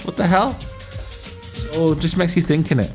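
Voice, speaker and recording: A man hosting a comic radio show, telling slangy, animated stories. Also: on the high side, moderate pace. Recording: music playing underneath.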